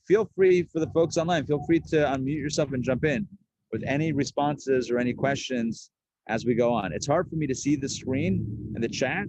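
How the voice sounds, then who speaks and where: Chatty man teaching a lively class. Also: medium pitch, dull audio. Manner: lively and chatty, acting out the quoted characters. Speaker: rabbi teaching a Torah class. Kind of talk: live conversational Torah class.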